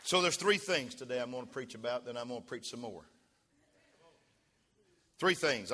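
A man preaching a sermon as pastor, leading the congregation in call-and-response and rising to shouts. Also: medium pitch. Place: church sanctuary. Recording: long reverb of a church hall.

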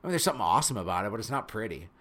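A man from North Dakota with a Midwestern accent, telling a personal story in an animated, earnest, self-deprecating way. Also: lowish voice, very fast. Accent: Midwestern American. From Fargo, North Dakota.

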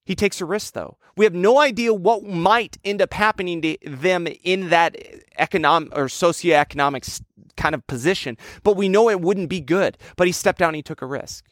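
A man preaching a sermon, telling a childhood story in a lively, conversational way. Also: sits high, moderate pace, dry recording, clean studio sound. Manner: storytelling, animated with childhood anecdotes. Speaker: pastor.

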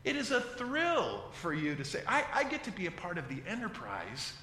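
A man's voice: sits high, huge pitch swings, moderate pace, pushed and bright, a little hiss or hum. A pastor from the United States preaching a sermon and reading scripture aloud, with playful mock voices for his examples. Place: church sanctuary. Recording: echoey hall, long reverb.

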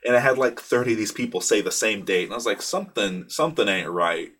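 A man's voice: mid-range voice, rapid-fire, a bit bright. A young man hosting a casual solo podcast, rambling with lots of fillers, restarts and swearing, laughing at himself. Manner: rambling, profane, self-deprecating, many fillers and restarts. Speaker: podcast host. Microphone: studio microphone in a small booth.

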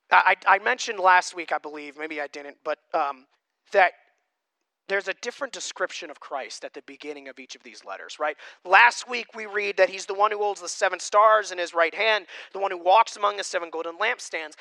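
A man preaching a sermon and reading scripture, emphatic, swinging between loud passages and quiet ones. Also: high-pitched, moderate pace, no room sound. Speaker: pastor.

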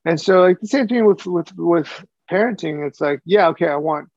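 A man co-hosting a podcast, rambling in relaxed chat and circling back over his words. His voice is gravelly and sits a little high. The recording is dry and a touch dull. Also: normal speed, dry recording. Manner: rambling, repeats words while thinking. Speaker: podcast co-host. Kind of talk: casual chat.

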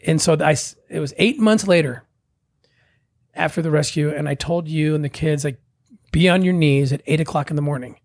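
A middle-aged man telling a personal story in a casual, animated way, acting out the voices of the people in it. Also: a little high, brisk, creaky, no room sound, studio quality. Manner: animated, acts out quoted voices. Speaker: guest telling his story.

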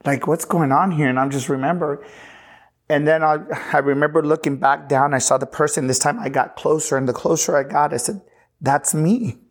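A man's voice: fairly high pitch, level tone. Earnest man telling his testimony. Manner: earnest, halting, with frequent restarts and retold dialogue. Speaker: pastor. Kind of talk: personal testimony storytelling.

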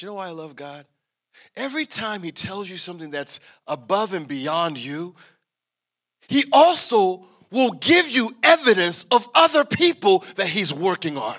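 A male preacher delivering a sermon in an animated, emphatic way, repeating phrases for effect. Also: high voice, unhurried.

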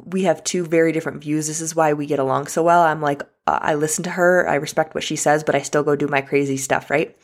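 A woman's voice: low voice, fairly even intonation, fast, few pauses. A woman telling a personal story to her viewers in a chatty, casual way, full of restarts. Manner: chatty, many likes and restarts, addresses viewers as guys and y'all. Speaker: vlogger.

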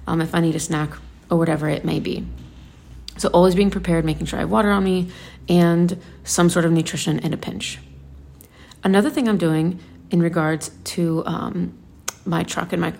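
Gravelly-voiced woman chatting casually. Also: fairly low pitch, darkish tone. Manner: chatty, rambling, many fillers and restarts. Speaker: lifestyle vlogger. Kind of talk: casual vlog chat.

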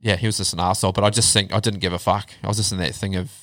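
A man telling his life story in a casual chat, blunt and animated, swearing heavily. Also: deep voice, racing, no room sound. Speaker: podcast guest.

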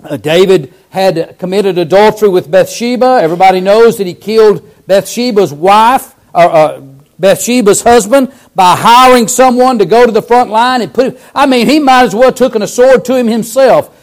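A man preaching a sermon, fervent, swinging from loud cries to hushed lines. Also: sits high, moderate pace.

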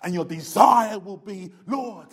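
A man preaching a sermon, swinging between loud emphatic lines and low, quiet ones. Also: unhurried. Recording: long hall reverb.

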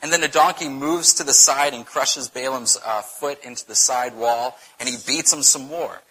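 A man teaching a Bible study, telling the story in a conversational, animated way, often checking in with "right?". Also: medium pitch, normal speed, slight background noise, rough recording.

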